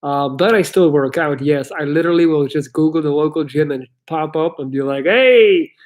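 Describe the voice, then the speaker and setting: A man's voice: on the high side, fairly even intonation, a little fast, a little mellow. A young man, a life coach, chatting loosely on a livestream Q&A, reading chat questions and swearing now and then.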